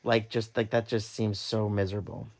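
A young man co-hosting a podcast, talking in an animated, rambling way with plenty of swearing. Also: lowish voice, normal speed. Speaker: podcast co-host. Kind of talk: casual chat.

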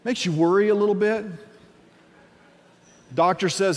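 A man's voice: high voice, unhurried. A male pastor giving a conversational sermon, acting out everyday questions in different voices. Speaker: lead pastor. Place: church sanctuary. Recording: long hall reverb.

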